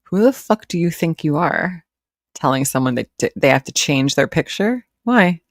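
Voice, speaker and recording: A woman's voice: low-pitched, animated, normal speed, no room sound, clean studio sound. A woman hosting a live reaction stream, mocking and swearing as she comments. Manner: sarcastic, profane, mocking.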